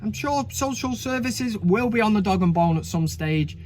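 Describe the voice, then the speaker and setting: A man's voice: high voice, animated, moderate pace, darkish tone, faint music behind. A man hosting a casual comedic countdown, chatting cheekily with frequent swearing and asides. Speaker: host.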